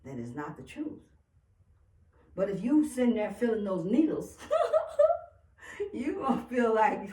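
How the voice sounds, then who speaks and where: Slow, emphatic woman in an echoey room. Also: on the high side, very animated, mellow. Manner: emphatic and profane, often laughing. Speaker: spiritual speaker. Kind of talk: casual spiritual pep talk. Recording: echoey room, far from mic.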